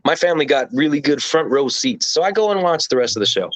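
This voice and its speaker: A man's voice: fairly high pitch, animated, quick pace, no room sound. A man being interviewed, telling a story casually and animatedly, with plenty of swearing and rambling asides. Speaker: interview guest. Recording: dull lo-fi dry recording.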